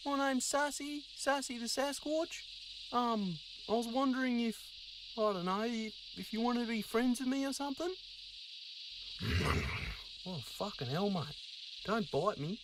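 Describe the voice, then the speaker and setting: A man's voice: extremely high pitch, a little slow, pauses often, background noise. A man voicing a friendly, crude young male Sasquatch, swearing and matey over gameplay. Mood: eager.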